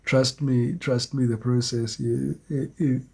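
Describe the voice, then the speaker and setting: Guy doing a live tarot stream, slow and soothing, kinda husky voice, keeps repeating himself. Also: mid-range voice, fairly even intonation, darkish tone. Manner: slow, soothing, repeats phrases, thanks viewers by name. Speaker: tarot reader.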